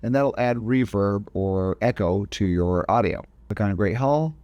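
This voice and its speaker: Male tutorial host, low voice, dry close sound, casual explainer who restarts phrases. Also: a little slow, a little mellow, no room sound, dull audio. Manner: casual step-by-step explaining, frequent self-corrections. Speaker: video editing instructor. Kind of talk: screen-recorded software tutorial.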